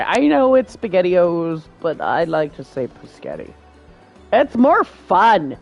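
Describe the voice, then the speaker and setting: A woman's voice: fairly low pitch, wildly swooping pitch, slow pace, creaky, darkish tone, faint music behind. A woman streaming a game, chatting casually in a playful, giggly way and joking about words. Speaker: gameplay streamer. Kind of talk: casual gameplay chat.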